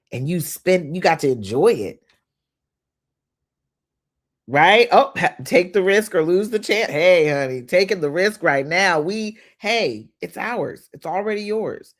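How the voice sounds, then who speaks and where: Host, livestream mindset coach, mid-pitched voice, slow affirmations, slangy pep talk. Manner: leads slow repeated affirmations, greets chat viewers; informal, upbeat preaching with slang. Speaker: host of a live money-mindset session. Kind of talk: guided visualization and affirmations on a livestream.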